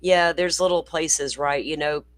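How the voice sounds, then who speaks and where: Low-voiced and unhurried, a Southern-accented Florida woman hosts a laid-back livestream chat. She wanders from topic to topic, cusses without restraint, and often breaks into laughter.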